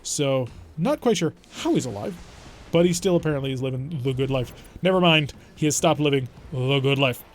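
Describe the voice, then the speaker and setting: A man's voice: mid-range voice, expressive, a little fast, a little hiss or hum. A young adult man streaming a mech strategy game, giving chatty, wry, mock-exasperated play-by-play commentary. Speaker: gaming streamer. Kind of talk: let's play gameplay commentary.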